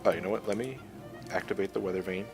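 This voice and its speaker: A man's voice: low-pitched, quick pace, over music. A man co-hosting a casual gaming livestream, laughing often and swearing casually while he plays. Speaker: livestream co-host playing the game.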